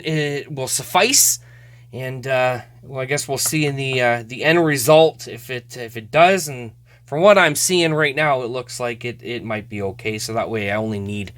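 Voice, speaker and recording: A man's voice: medium pitch, a bit bright. A man hosting a casual card-opening show, chatting, laughing often and stumbling over names. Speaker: host.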